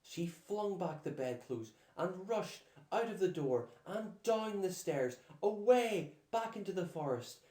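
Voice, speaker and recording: A man slowly reading a children's storybook aloud, with expressive delivery. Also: high voice. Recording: echoey room.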